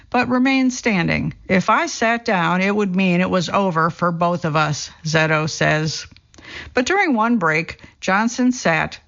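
A narrator giving a scripted reading of a true story, quoting people in the same steady voice. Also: medium pitch, creaky. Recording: dull lo-fi recording.

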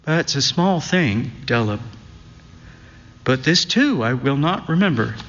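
Guy reading a literary story slow and thoughtful, muffled audio with long echo. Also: medium pitch, expressive, fairly bright tone. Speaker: narrator. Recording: dull recording with long reverb.

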